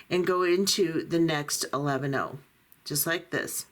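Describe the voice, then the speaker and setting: A woman's voice: on the low side, fairly even intonation, moderate pace. A middle-aged or older woman giving patient, step-by-step beading instructions while she works with her hands. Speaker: beading tutorial host.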